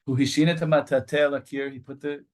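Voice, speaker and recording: A male rabbi teaching a Torah study group. He reads Hebrew lines aloud and then translates them into English, telling the story with lively repetition and frequent restarts. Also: medium pitch, fast.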